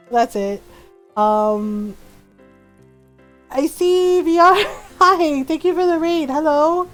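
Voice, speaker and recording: A woman's voice: sits high, level tone, a little slow, long pauses, faint music behind. A woman streamer chatting casually while gaming, telling stories with a lot of laughter and acting out what people said. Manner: chatty storyteller, laughs often, acts out quotes.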